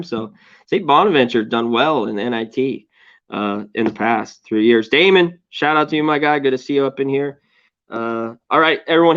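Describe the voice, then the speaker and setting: A man hosting a sports betting show, chatting loosely and joking, with a voice going hoarse. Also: medium pitch, muffled recording. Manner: loose, joking, lots of shout-outs. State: losing his voice. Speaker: sports betting podcast host. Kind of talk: casual sports betting chat.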